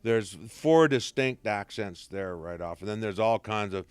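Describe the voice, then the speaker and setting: A man's voice: fairly low pitch, measured pace, smooth, no echo. A man who is a voice actor, chatting jovially in a convention interview and telling stories. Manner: jovial storyteller, slips into voices and big laughs. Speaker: voice actor guest. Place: convention room.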